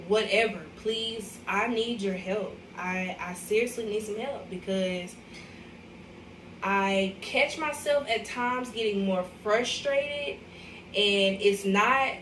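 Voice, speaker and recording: A young mother from Arkansas, USA, vlogs on a livestream, talking to viewers in a casual, emotional way. Her voice is mid-range with a fairly bright tone, and the recording carries a little hiss or hum, an echoey room, and a distant mic.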